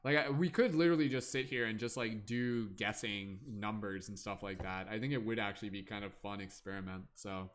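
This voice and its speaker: A man's voice: fairly low pitch, steady tone, a little fast, hardly any pauses, slight background noise. A man hosting a livestream, chatting casually and playfully to his viewers, humming and scatting filler sounds while he waits. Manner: chatty, playful, hums and scats while waiting. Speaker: livestream host.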